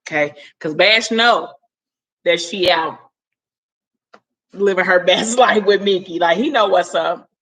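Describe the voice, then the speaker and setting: A woman's voice: fairly low pitch, measured pace, long pauses, a bit bright. A woman casually retelling a story in a chatty way, full of "like" and "you know", acting out the characters' lines. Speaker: story recapper.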